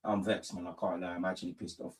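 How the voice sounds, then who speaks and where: A man hosting a live football watch-along, swearing a lot, muttering to himself and shouting at goals. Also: sits low, flat delivery, fast, breathy edge. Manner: mutters quietly to himself between outbursts.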